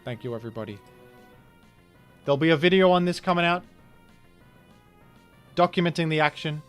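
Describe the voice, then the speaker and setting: A man calls a live online game tournament as its host, his slightly raised voice full of playful hype. He jumps from loud excitement to a softer, rambling sign-off. Faint music plays behind him. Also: on the high side, fairly quick, clean tone. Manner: excitable, playful, swings from shouting hype to quiet wrap-up. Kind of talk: live esports commentary.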